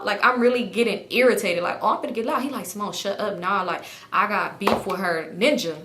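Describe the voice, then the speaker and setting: A young woman tells a story in a casual, lively way and slips into other people's voices as she quotes them, cursing freely. Her voice is bright and clear, and it echoes in the room around her. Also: mid-range voice, a little fast. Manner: animated, acts out other people's lines; swears freely. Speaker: storytime vlogger.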